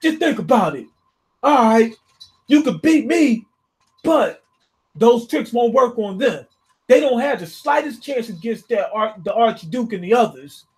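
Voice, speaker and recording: A man's voice: very high voice, expressive, a little slow, pitched above the performer's own voice. A man voicing a cornered male demon villain who pleads in a rising, frantic voice. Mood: pleading.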